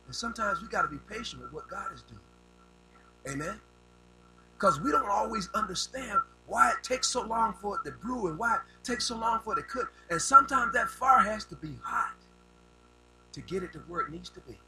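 Brief: older male preacher, folksy, high voice, faint music behind. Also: lively intonation, moderate pace, bright, forceful tone, low-quality recording. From rural United States. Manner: folksy, repeats words when building up. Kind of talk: sermon.

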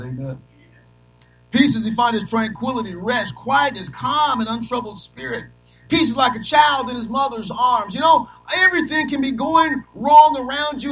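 High, bright-voiced preacher punctuating with amen. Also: male voice, animated, a little fast, faint music behind, poor audio. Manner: punctuates phrases with repeated "amen"; swings between soft low asides and loud shouted peaks. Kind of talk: sermon.

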